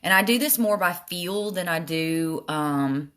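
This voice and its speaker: An older woman with a Southern drawl talks through her makeup in a loose, self-deprecating way, answering viewers as she goes. Her voice sits a little low. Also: expressive, a little slow, fairly bright tone. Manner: chatty, self-deprecating, reads comments aloud. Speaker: makeup live streamer. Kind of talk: casual makeup tutorial live stream.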